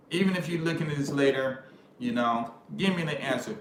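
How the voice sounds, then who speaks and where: A man's voice: medium pitch, animated, normal speed. A middle-aged man ranting casually to camera in loose slang, with sudden raised outbursts. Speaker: vlogger. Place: living in Japan. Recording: echoey room with faint ambient noise.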